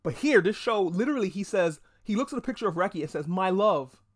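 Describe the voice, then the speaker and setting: A podcast host giving a casual, excitable pop culture review, swearing freely and restarting words. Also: medium pitch, fast talker, slightly rough. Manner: excitable, gushing.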